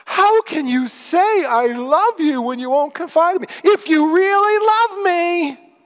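A man's voice: expressive, a bit bright, exaggerated voice. Man putting on Delilah, a whiny pleading woman. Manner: high, drawn-out, whiny pleading.

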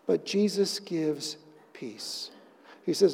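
Man preaching w a high voice, gets loud then drops to a hush, big echoey hall. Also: normal speed, vocal fry. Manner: swings between loud emphatic lines and hushed near-whispers. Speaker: pastor. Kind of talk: sermon.

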